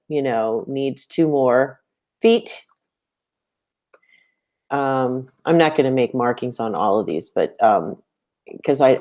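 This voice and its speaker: A middle-aged woman teaching poetry, recording spoken feedback for a student in a relaxed conversational way, filling pauses with "um" and tapping out meter aloud. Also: rumbling low. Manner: conversational, many "um"s, reads lines aloud and taps out meter.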